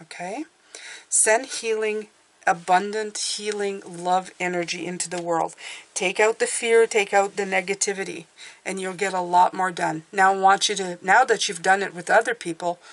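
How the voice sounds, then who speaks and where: A woman's voice: medium pitch, steady tone, normal speed. A middle-aged woman giving a casual tarot reading, chatty and reassuring, often checking in with "okay?". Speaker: tarot reader.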